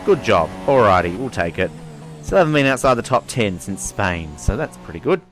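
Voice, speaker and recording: A man's voice: lowish voice, normal speed, soft background music. Chatty man commentating a racing game. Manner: chatty, swears casually, excitable at race starts. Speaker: gaming channel host. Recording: game engine noise behind voice.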